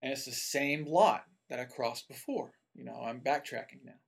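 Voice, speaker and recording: A man's voice: mid-range voice, normal speed, vocal fry. A man from Tennessee telling a personal story in a casual, rambling way, full of asides. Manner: rambling, with many asides and fillers.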